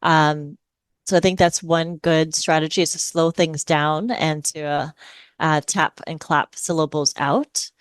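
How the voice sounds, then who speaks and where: A woman's voice: low voice, steady tone, unhurried, clear, resonant tone, no echo. A middle-aged woman from Hawaii, a speech-language pathologist, patiently explaining strategies in a podcast interview. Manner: patient, explanatory, models phrases in a lilting parent voice.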